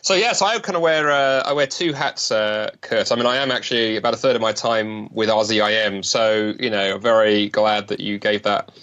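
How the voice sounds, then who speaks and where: A man from London with a British accent, talking as a guest on an interview show, quick and jokey with many restarts. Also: fairly low pitch, muffled recording. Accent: British English. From London, England. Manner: fast, lively, joking, many restarts. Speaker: guest speaker. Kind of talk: podcast interview.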